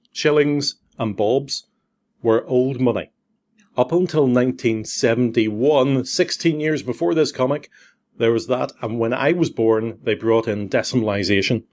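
A man hosting a podcast, explaining things at length in a casual, chatty way. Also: medium pitch. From Northern Ireland. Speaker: podcast host.

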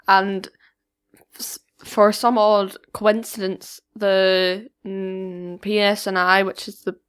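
A woman's voice: mid-range voice, little pitch movement, slow, fairly bright tone, clear, resonant tone. Hesitant teenage girl. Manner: hesitant, chatty recounting. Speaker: podcast guest. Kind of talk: casual storytelling.

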